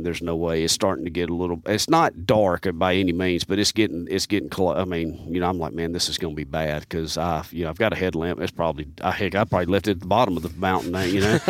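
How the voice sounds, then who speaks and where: A man's voice: low voice, dry recording. A man, a guest on a podcast, telling a casual, rambling story in a studio. He fills his sentences with "man" and "you know.". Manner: rambling, animated, peppers speech with "man". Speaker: podcast guest, turkey hunter.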